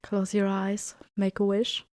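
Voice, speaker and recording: A woman hosting a fan podcast in a casual, chatty, excitable way, often apologizing. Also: mid-range voice, measured pace, no echo, clean studio sound. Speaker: podcast host.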